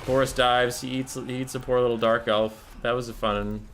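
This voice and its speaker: Upbeat American caster from Minnesota, bright and joking, faint noise underneath. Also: male voice, medium pitch, moderate pace. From Minnesota, USA. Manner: joking, animated. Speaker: tournament commentator. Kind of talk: casual game commentary.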